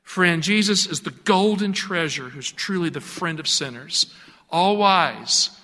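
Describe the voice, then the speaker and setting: Male preacher, high voice, bright ringing tone, impassioned sermon, hushed to emphatic, long reverb. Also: expressive, measured pace. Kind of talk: radio sermon.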